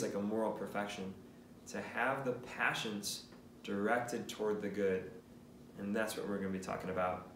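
A man's voice: on the low side, a bit bright, a little hiss or hum. Brief: earnest male priest-teacher, chatty and questioning, echoey room, faint ambience. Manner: earnest, casual, filler-heavy explaining with questions to the listener. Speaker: priest teaching a catechesis lesson. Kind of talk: conversational teaching talk. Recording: roomy, mic at a distance.

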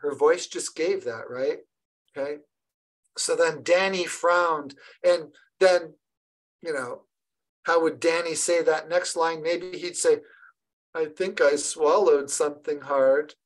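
Woman, literacy trainer, online session, video call mic, encouraging, slightly low voice, frequent restarts. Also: slow pace, low-quality recording. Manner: lively and encouraging, with many restarts. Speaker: early childhood literacy trainer. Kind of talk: online professional development session.

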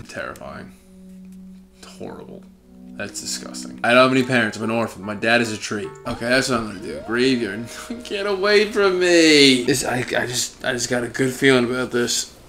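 A man's voice: mid-range voice, normal speed, bright, forceful tone, faint music behind. A young man giving sarcastic, exasperated commentary while playing a video game. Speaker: let's play host. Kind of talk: gameplay commentary.

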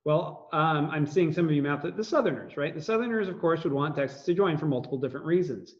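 Man, history teacher, class lecture, chatty, jokey asides, lots of ums, fairly high voice, dull lo-fi sound. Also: expressive, fast talker. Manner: chatty, joking asides, many fillers.

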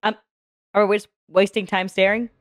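A woman hosting an anime reaction, talking casually and excitably, swearing often and laughing a lot. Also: medium pitch, moderate pace. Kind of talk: casual live reaction commentary.

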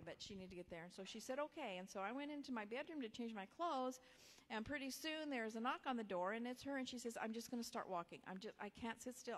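A woman pastor, telling a personal story in a sermon in a conversational way, sometimes dropping to a soft whisper. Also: mid-range voice. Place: church sanctuary. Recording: long hall reverb.

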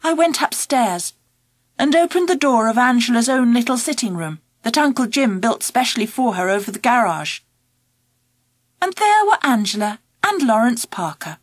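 A woman narrating a children's audiobook in the first person, expressive and animated. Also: on the high side, normal speed, dry recording. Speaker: audiobook reader.

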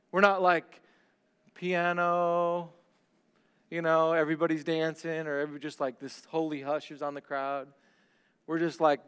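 Preaching man, high clear voice. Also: long reverb tail. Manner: preaching with dramatic swings from loud to hushed. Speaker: pastor. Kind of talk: sermon.

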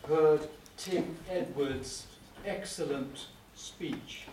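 A middle-aged man, a prosecuting barrister, giving a wry, anecdotal conference lecture with frequent "uh" pauses. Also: fairly high pitch, a little mellow. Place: lecture hall. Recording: echoey room, speaker far from mic, faint hum.

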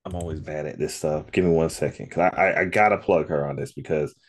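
Male podcast guest with a very low voice, easygoing storyteller, casual. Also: fast, breathy edge. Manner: laid-back storyteller, laughs often. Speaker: podcast guest and co-host of another podcast. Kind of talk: casual interview chat.

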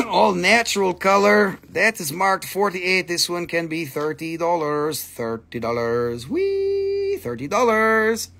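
A man with a fairly high, gravelly, husky voice hosts a live stream selling rocks and minerals. He talks at an unhurried pace, clowning around in mock broken English as he pitches each piece. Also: a bit bright. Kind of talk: live sales stream patter.

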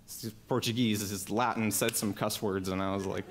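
A young man giving a conference talk, telling a personal story in a lively, casual way and acting out the voices of people he quotes. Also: on the low side, brisk. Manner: animated, acts out quoted voices. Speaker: conference speaker. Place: talk venue with live audience. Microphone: headset mic.

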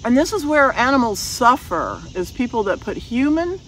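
A woman's voice: fairly high pitch, sing-song, moderate pace, a bit bright, distant mic, a little hiss or hum, poor audio. A woman dog breeder talking casually to camera outdoors, firm and matter-of-fact, repeating her points for emphasis.

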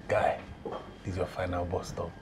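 An actor playing a young Nigerian man who teases his friend, speaking Nigerian English with pidgin, loud and laughing often. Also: low voice. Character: teasing joking young male friend. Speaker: visiting friend. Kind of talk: film dialogue. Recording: noisy film sound.

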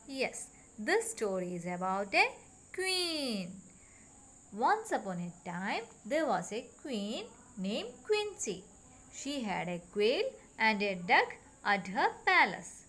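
A woman's voice: a little high, fairly bright tone. A woman teacher giving a recorded lesson for young children and repeating sounds and steps in a sing-song way.

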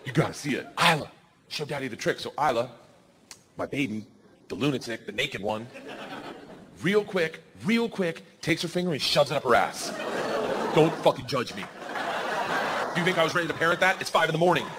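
A man in his forties doing a stand-up comedy set, telling stories loudly and jumping into the voices of his kids and friends. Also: fairly high pitch, expressive, moderate pace, long pauses, a little hiss or hum. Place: comedy stage with a live audience. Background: audience laughter.

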